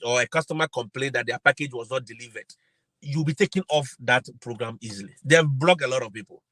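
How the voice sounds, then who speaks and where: A man's voice: mid-range voice, pushed and bright, no room sound, poor audio. A man hosting a live-stream advice talk. He is preachy and emphatic and repeats his phrases. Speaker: host giving advice to teachers.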